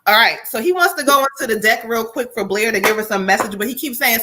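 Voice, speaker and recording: A woman's voice: a little high, quick pace, noisy background. A woman psychic medium on a casual live-stream reading, relaying a spirit's words in slangy, profane bursts.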